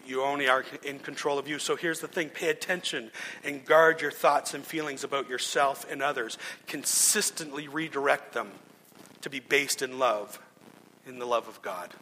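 The speaker is a male pastor giving a sermon, sincerely telling stories and often starting over. His voice has medium pitch and a sharp tone. There is slight background noise and a long hall reverb.

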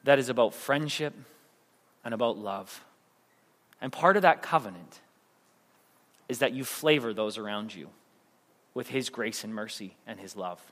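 A man's voice: mid-range voice, a little slow, pauses often, a bit bright, long reverb tail. A male preacher giving a sermon in a casual, rambling way, with restarts and self-deprecating jokes.

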